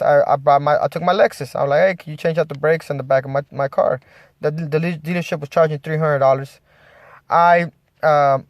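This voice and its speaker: A man's voice: fairly high pitch, dry recording. Rambling man with a dry close sound. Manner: rambling, many restarts. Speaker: vlogger. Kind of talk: casual rant to camera.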